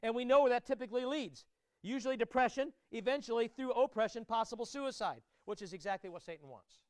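Male pastor, very high voice, smooth and clear, emphatic sermon delivery with repeated words. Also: fast talker, no room sound. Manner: emphatic, repeats words, builds to loud climaxes.

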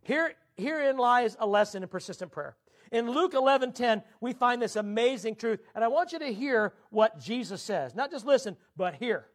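A man with a very high voice preaches a sermon. He leans hard on his words and slows right down to draw out the scripture he quotes. His pitch rises and falls sharply as he makes his points. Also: expressive. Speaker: pastor.

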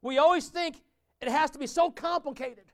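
A man's voice: very high-pitched, moderate pace. A man preaching a conversational sermon in a church, often asking his listeners questions. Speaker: pastor.

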